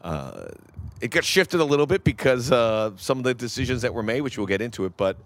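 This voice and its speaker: A man's voice: medium pitch, big pitch swings, dry recording. A man co-hosting a casual soccer talk show who weighs his words and often restarts his sentences. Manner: measured and reflective, with hesitant restarts. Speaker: soccer podcast co-host. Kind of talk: casual sports chat.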